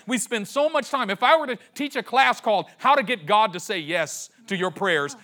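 Male pastor, 40s, high voice, bright tone, fervent sermon, repeats lines, hushed to loud. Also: expressive, fairly quick, few pauses. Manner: impassioned, swinging between hushed and loud; repeats phrases for emphasis.

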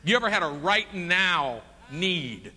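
Animated preacher man in a reverberant hall. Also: high voice, slow pace. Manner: animated, acts out voices of people in the story. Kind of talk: sermon.

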